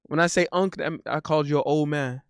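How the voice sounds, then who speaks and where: A man chats casually on a live stream, reading messages and joking as he goes. His voice sits a bit high and comes through smooth and crisp. The sound is dry and close to the mic. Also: quick pace, no room sound. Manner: loose and joking, laughs often, repeats himself.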